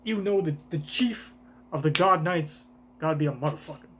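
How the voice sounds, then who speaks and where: A man streaming a live reaction, with excitable, profane, rambling commentary. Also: fairly high pitch, moderate pace, slight background noise.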